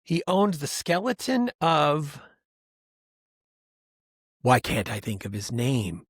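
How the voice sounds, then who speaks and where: A man co-hosting a podcast in casual chat, rambling and animated, often mimicking other people's voices for laughs. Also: fairly high pitch, slow pace, slightly rough, no echo, clean studio sound. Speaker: podcast co-host.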